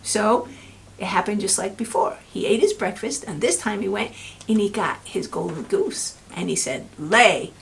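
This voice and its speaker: A woman librarian reading a fairy tale to children and explaining a craft, gently checking in with them. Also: mid-range voice, expressive, moderate pace, vocal fry, a little hiss or hum. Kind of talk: children's story time reading.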